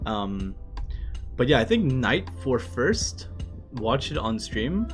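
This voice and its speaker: A man streaming live, reading a manga aloud in a casual way, laughing often and following Japanese lines with quick English translations. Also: mid-range voice, sing-song, soft background music.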